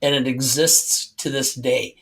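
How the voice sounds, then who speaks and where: A man co-hosting a movie podcast, sharing film trivia in a measured way with dry jokes. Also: medium pitch, fairly even intonation, vocal fry, a bit bright. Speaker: podcast co-host. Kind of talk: casual movie podcast chat.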